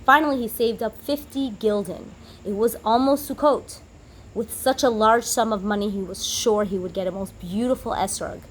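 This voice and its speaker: A woman teacher giving a holiday lesson to children, telling a story in an animated way and acting out the characters' lines. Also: fairly high pitch, moderate pace, a little hiss or hum, low-quality recording.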